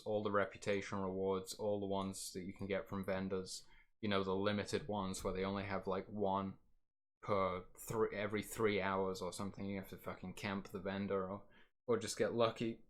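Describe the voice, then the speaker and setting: A man streaming and chatting casually about his game plans, rambling and correcting himself as he goes, his voice getting a little worn. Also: lowish voice.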